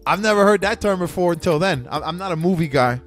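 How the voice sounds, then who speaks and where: A man's voice: high voice, expressive, quick pace, a bit bright, soft background music. A young man hosting a podcast, telling a candid, profane story with many restarts. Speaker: podcast host. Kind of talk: casual storytelling monologue.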